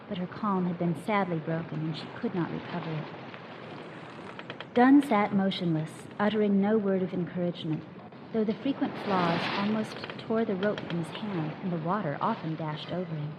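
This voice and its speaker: Woman reading a story aloud, steady hiss. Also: lowish voice, highs cut off. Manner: measured, dramatic reading. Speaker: narrator. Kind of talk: scripted story narration. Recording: steady background noise.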